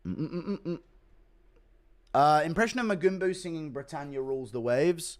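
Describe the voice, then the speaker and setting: A man's voice: fairly high pitch, unhurried. A young man live streaming, casually reading out donations and rambling with a lot of swearing and sarcasm. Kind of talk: casual chat.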